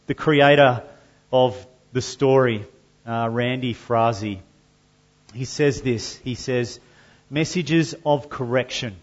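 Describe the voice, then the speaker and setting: A man preaching a sermon to his church, measured and earnest, with loud emphatic passages when he reads scripture. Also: mid-range voice, highs cut off. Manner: slow and deliberate, rising to loud emphatic scripture reading. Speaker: pastor.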